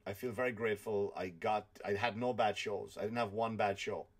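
A man with an Irish accent, a comedian hosting a podcast, telling stories in an animated, swear-filled rant. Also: fairly low pitch, brisk. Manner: animated storytelling with frequent swearing. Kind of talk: ranting comedic monologue.

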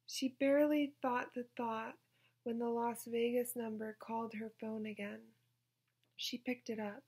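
A woman reading her own absurd short story aloud in a soft, deadpan way. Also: fairly high pitch, measured pace, slightly rough.

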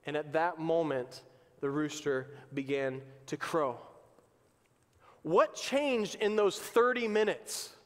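A man's voice: a little high, animated, slow, a bit bright. A male pastor preaching a sermon in an emphatic, conversational way, in a church sanctuary. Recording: long reverb of a church hall.

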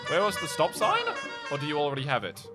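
A man giving excited commentary while playing a co-op horror game, yelping when startled and whispering when scared. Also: fairly high pitch, fast talker, loud music behind the voice. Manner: jumpy, yelps and drops to a whisper when scared. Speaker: gaming YouTuber.

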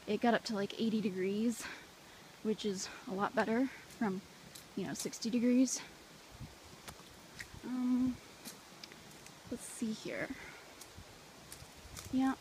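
A woman's voice: on the high side, slow pace, long pauses. A woman chatting casually in a vlog, telling stories with lots of fillers while filming at home and on a walk. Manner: chatty, animated storytelling with fillers. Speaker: vlogger on an exchange stay. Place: home indoors and walking outdoors. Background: wind noise outdoors.

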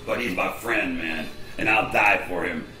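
A man's voice: low-pitched, normal speed. Profane older man telling wild stories. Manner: profane, boastful, swings into shouting. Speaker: interviewee. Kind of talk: rambling storytelling. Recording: echoey with loud music.

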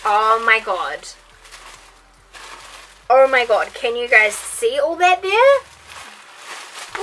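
A woman's voice: high-pitched, animated, very slow, long pauses, pushed and bright, slight background noise, low-quality recording. A young woman unboxing beauty products in her bedroom, gushing and gasping with repeated exclamations in a casual vlog. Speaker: beauty vlogger.

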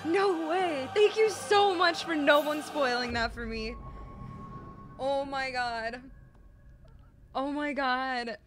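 A young woman streaming a video game, reacting excitedly, swearing and shrieking in surprise. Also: sits high, takes it slowly, pauses often. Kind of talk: live gameplay reactions. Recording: game music loud behind her.

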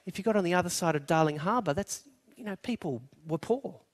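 A man's voice: high-pitched, lively intonation, a little fast. A middle-aged Australian man preaching a sermon, telling stories and building to emphatic declarations. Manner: storytelling, rising to emphatic declaration.

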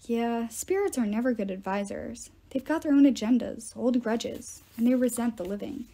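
A woman voicing a sharp, practical teenage girl with a blunt, matter-of-fact manner. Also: a little high, normal speed.

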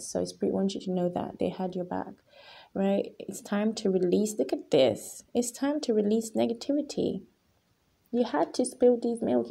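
A woman's voice: medium pitch, vocal fry, dark tone, husky. A woman giving a tarot reading to her viewers, talking in an earnest, emotional way and repeating her points with emphasis. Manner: emphatic and repetitive, often addressing viewers as guys. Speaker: tarot reader.

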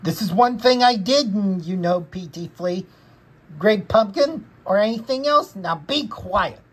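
A woman's voice: medium pitch, slow pace, slightly rough, pitched above the performer's own voice. A woman voicing a cross cartoon boy who scolds bugs in a fan dub over film clips, bossy and repetitive with little hums between words.

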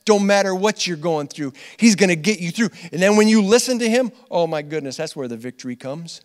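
A man preaching a conversational sermon as pastor. He is earnest, laughs often, repeats phrases, and swings from loud emphatic lines to quiet asides. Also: sits high, expressive, a little fast, big-room sound. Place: church hall.

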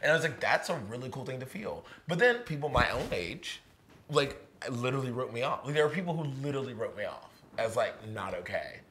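A young man from Virginia rattles along at a rapid clip, filling his sentences with "like" and slipping into the voices of people he quotes. His delivery is casual and animated, a guest talking onstage. A faint hiss of noise sits under the recording. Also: medium pitch. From Virginia, USA. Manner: fast, animated, heavy use of "like", acts out quoted voices. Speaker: playwright, interview guest. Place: historic barn, live event.

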